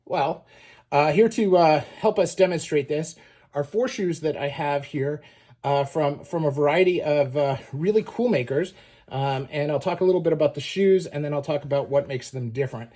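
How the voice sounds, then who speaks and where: Husky man explaining shoes casually. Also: a little high, moderate pace. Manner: relaxed, many fillers, pointing things out. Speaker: shoe channel host. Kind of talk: casual show-and-tell explainer.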